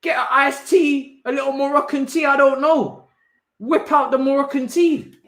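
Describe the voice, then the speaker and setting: A man's voice: very high-pitched, steady tone, normal speed, a bit bright. A man hosting a live football watch-along, ranting in exasperated slang. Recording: roomy echo.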